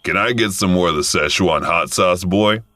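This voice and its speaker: A man doing a drawling gruff old man. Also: deep voice, moderate pace, pushed and bright, no room sound, clean studio sound. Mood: amused. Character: gruff older man diner customer, amused.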